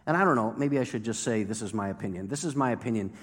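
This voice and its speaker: A man's voice: medium pitch, quick pace, husky, big-room sound. A male pastor preaching a sermon in a conversational way, driving points home with emphatic repetition.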